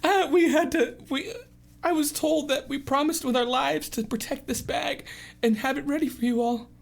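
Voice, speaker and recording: A man voicing a shy young woman twin who is timid and tearful, squeaky and panicked. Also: fairly even intonation, moderate pace, gravelly. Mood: flustered.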